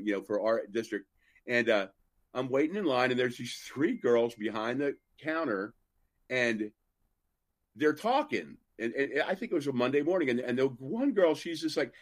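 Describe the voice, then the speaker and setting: A man's voice: mid-range voice, dry recording. Rambling male podcast host, dry sound. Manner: rambling anecdotes with acted-out quotes and asides. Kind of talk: casual storytelling on a live podcast.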